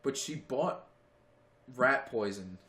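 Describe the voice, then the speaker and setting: A man's voice: mid-range voice, lively intonation, takes it slowly, sharp tone, echoey room. A man co-hosting a podcast in casual chat, rambling with lots of "like" and plenty of swearing, recorded in a friend's home. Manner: rambling, heavy use of "like", swears freely. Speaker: podcast co-host.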